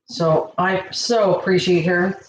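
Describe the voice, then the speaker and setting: A woman hosting a casual cooking livestream, chatting away and warmly thanking viewers by name from her kitchen. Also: on the low side, fairly even intonation, slow, a little hiss or hum. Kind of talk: casual live-stream chat. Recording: echoey room.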